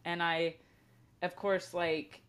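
A woman in her thirties or forties on a podcast, telling a story in a casual, sarcastic, animated way with lots of "like". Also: fairly low pitch, slow pace, clear, resonant tone. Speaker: podcast co-host. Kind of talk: casual chat.

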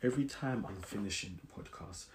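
A man's voice: lowish voice, a little fast. A man hosting his podcast in a casual motivational monologue, earnest and often repeating himself. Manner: earnest, repeats words and restarts. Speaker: podcast host. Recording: roomy echo with clear background noise.

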